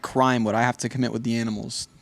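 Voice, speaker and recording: A man with a mid-range voice speaks in casual podcast chat, pausing on fillers and correcting himself as he goes. The recording is dry and close to the mic. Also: mid-range voice, level tone, creaky, fairly bright tone, dry recording. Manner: hesitant, many fillers and self-corrections. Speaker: podcast co-host.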